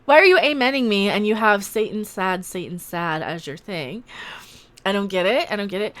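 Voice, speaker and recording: A woman's voice: medium pitch, expressive, normal speed, a bit bright. A woman hosting a casual livestream, sarcastically reading out and answering comments in a rambling way with many restarts. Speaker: livestream host reading chat.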